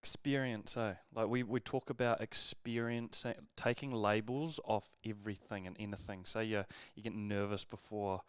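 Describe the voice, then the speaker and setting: A man's voice: fairly low pitch, fairly even intonation, normal speed, hardly any pauses, clear, resonant tone, no room sound, studio quality. A man co-hosting a podcast, chatting casually, with hesitant restarts. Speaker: podcast co-host. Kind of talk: casual conversational chat.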